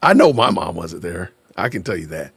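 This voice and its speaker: A man hosting a casual livestream podcast, playful and quick to laugh while shouting out viewers. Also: deep voice, sing-song, gravelly, breathy edge, no echo. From Aurora, Illinois. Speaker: podcast host. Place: home in Georgia.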